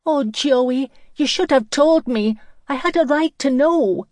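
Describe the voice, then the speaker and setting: Woman reading as anxious young girl, high, pleading, upset, storybook, dry recording. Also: moderate pace, dark tone, no echo, close to an everyday voice. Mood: distressed. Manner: pleading, distressed.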